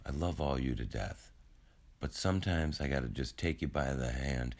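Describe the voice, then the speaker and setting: A man's voice: a bass voice, animated, moderate pace, darkish tone. A man in his forties, just woken up, rambling to his viewers in a casual, self-deprecating vlog monologue. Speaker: YouTube creator.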